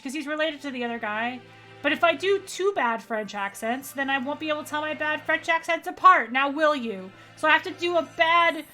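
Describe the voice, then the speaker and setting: A woman's voice: sits high, bright, forceful tone. A young woman streaming a let's play, commenting in a playful, self-mocking way.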